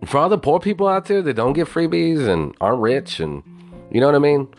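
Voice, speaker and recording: A man's voice: fairly high pitch, expressive, a little fast, soft background music. A man ranting in a casual, profane way, incredulous and swearing constantly.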